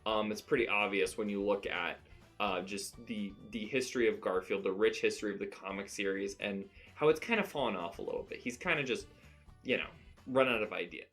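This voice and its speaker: A man's voice: fairly low pitch, a little fast, a bit bright, faint music behind. A man casually reviewing comic strips, rambling and laughing as he reads them out. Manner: rambling, laughs at his own reading. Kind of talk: casual commentary.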